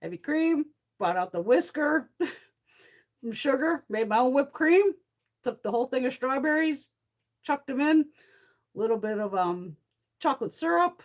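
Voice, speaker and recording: Middle-aged woman, casual beauty vlogger; animated, profane storyteller with a lively, swooping pitch. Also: unhurried, long pauses. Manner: swears freely, laughs often, animated storytelling. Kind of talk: casual chit-chat.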